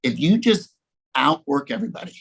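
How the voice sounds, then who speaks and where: A man telling a casual story as a guest speaker on a video call, animated and repeating "okay?" as he goes. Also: a little high, fairly quick, gravelly, husky, low-quality recording. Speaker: guest speaker in a sales coaching session.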